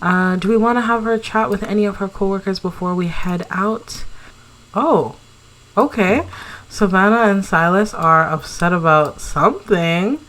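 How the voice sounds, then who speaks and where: A woman's voice: mid-range voice, a little slow, fairly bright tone. Chatty, giggly young woman narrating gameplay. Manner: chatty, giggly, cheering on her character. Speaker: let's play narrator. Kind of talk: casual gameplay commentary.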